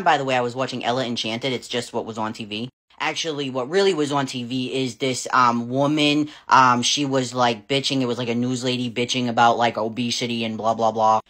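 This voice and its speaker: A woman's voice: extremely low pitch, a bit bright. Frank, laughing woman telling a story. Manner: frank and profane, laughing often. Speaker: parent vlogger. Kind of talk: casual storytelling to camera.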